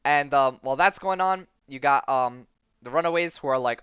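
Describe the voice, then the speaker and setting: Man, podcast host, casual rambling recap, lots of filler words, bright and clear voice, dull lo-fi dry sound. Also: medium pitch, normal speed, no room sound. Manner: rambling, heavy use of "like" and "um"; enthusiastic slang, says "dude" and "bro".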